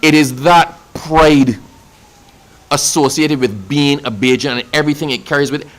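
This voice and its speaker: A man's voice: on the high side, moderate pace, poor audio. A man with a Barbadian accent answering a reporter at a press event, speaking with growing pride and emphatic repetition. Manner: passionate, building to proud emphatic declarations.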